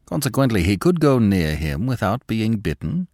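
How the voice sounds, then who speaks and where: A man playing a calm gentleman thief who speaks in a measured, grave and authoritative way, in a low voice. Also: no echo, clean studio sound.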